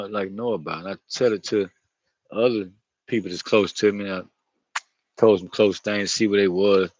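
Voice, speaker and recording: A man's voice: lowish voice, no echo, rough recording. A man talking to camera outdoors in a loose, rambling monologue, slangy and profane, often laughing. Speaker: vlogger.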